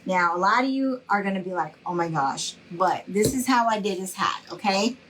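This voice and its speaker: A woman's voice: mid-range voice, fairly quick, a bit bright, a little hiss or hum, rough recording. A middle-aged woman, giving a live craft tutorial in a chatty, reassuring way and greeting viewers by name. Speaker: craft instructor.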